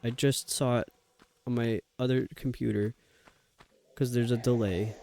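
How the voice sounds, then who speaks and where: A man's voice: mid-range voice, fairly even intonation, a little slow, vocal fry, dark tone, a little hiss or hum. A man streaming a video game live, talking to himself and his viewers in a grumbling, exasperated way. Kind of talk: live gameplay commentary.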